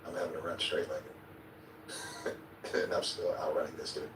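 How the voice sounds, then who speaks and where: A man's voice: a bass voice, little pitch movement, a little slow. A man being interviewed, telling a vivid story in a casual way, acting out his own quotes and now and then swearing or chuckling. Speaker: interview guest. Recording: echoey, distant, noisy replayed clip.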